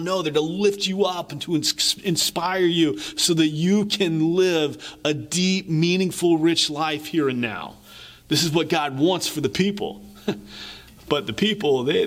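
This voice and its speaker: A male preacher with a fairly high voice, delivering a sermon. He retells the old stories vividly and conversationally, inviting listeners to imagine the scene.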